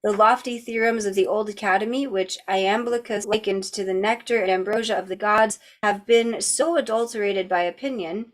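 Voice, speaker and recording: Her voice mid-range, a book club host reads a philosophy text aloud evenly. Every so often she stops for a casual, chatty aside.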